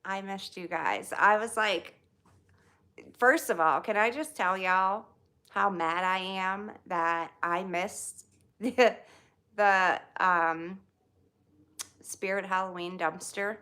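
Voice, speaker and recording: A woman's voice: mid-range voice, slow, pauses often, pushed and bright, clean tone. A woman, chatting casually with livestream viewers, greeting them by name and laughing often. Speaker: livestream host.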